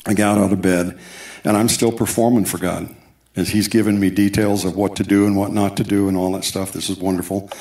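Low-voiced man preaching in an echoey hall. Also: flat delivery, a little fast, darkish tone. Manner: storytelling with asides and quoted dialogue. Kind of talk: sermon testimony. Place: church sanctuary.

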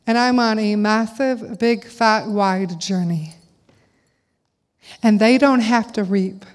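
A woman's voice: medium pitch, fairly even intonation, takes it slowly, long pauses. A middle-aged woman giving a conversational sermon to a church audience, full of rhetorical questions. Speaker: speaker at a church gathering. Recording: long hall reverb.

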